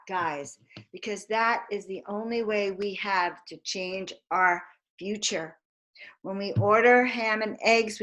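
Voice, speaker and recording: In a mid-range voice with a fairly bright tone, a woman leads a live motivational session, captured on a rough recording. As a spiritual teacher and card reader, she chants affirmations emphatically and calls out questions for the audience to respond to.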